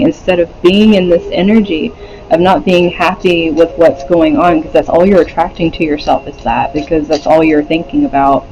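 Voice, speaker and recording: A man's voice: sits high, darkish tone, slight background noise, poor audio. A man doing a casual pick-a-card tarot reading, rambling with many fillers, swearing and laughing often. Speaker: tarot reader.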